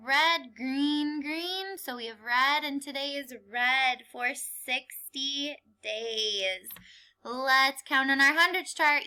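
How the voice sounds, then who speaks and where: A woman teaching young children a calendar lesson, leading counting and spelling drills in a clear, sing-song, encouraging way. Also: sits high, bright, forceful tone. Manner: encouraging, playful. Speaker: kindergarten teacher.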